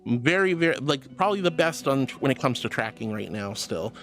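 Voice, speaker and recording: A man streaming as a VTuber from home on a headset mic, reading chat aloud and answering with affectionate, playful warmth. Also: medium pitch, very animated, a little fast. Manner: affectionate and playful, calls viewers sweetheart.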